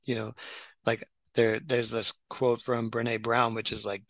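A man's voice: medium pitch, little pitch movement, measured pace, fairly bright tone, dry recording, poor audio. A middle-aged man, a doctor and writer, talking casually with many restarts and fillers. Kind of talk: casual podcast conversation.

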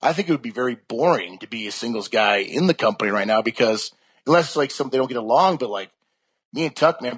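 Husky rambling young man. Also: mid-range voice, a bit bright. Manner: rambling, with many restarts and fillers. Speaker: guest. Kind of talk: casual interview chat.

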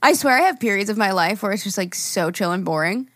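A woman's voice: medium pitch, lively intonation, fast talker, very noisy. A young woman co-hosting a podcast, telling stories in a chatty casual way with frequent laughs and casual swearing. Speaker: podcast co-host. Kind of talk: casual chat.

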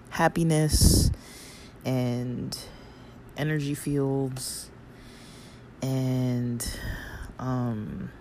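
A hoarse-voiced man speaks unhurriedly to his viewers, clearing his throat now and then. He wanders through his thoughts with plenty of ums and you-knows. A fan hums faintly behind him. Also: mid-range voice, a little mellow. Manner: rambling, lots of fillers, loses his thread. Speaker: vlogger. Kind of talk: casual reflective talk to viewers. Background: faint fan hum.

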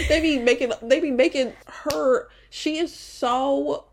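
A woman's voice: sits high, slow pace, a little hiss or hum. Blunt, slangy young woman. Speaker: podcast guest. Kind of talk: casual pop-culture chat.

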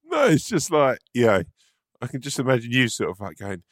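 A man's voice: mid-range voice, very animated, dry recording, clean studio sound. A man co-hosting a casual podcast, bantering and swearing, often incredulous. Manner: fast, incredulous, swears a lot. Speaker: podcast co-host.

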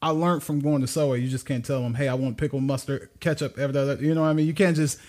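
A podcast co-host tells a story in casual conversation, laughing often and animatedly acting out the people he quotes. His voice is mid-range and he speaks fast.

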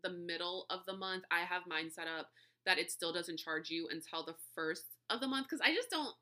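A woman's voice: fairly low pitch, moderate pace, pushed and bright. A woman hosting her own podcast, talking casually and effusively straight to her listeners, laughing often and dropping in slang like y'all. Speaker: podcast host. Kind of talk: casual solo podcast chat.

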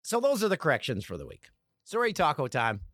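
A man from Canada hosting a solo comedic podcast, talking in an animated, sarcastic way and slipping into mock voices. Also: fairly high pitch, brisk, no room sound, studio quality. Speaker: podcast host.

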